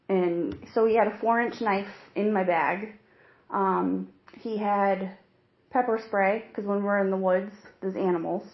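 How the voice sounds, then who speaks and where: A young woman, a new mother, recounting a distressing personal experience in a halting, earnest way with frequent restarts. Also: mid-range voice. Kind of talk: emotional personal account. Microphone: hidden recorder. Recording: roomy, dull lo-fi secret recording.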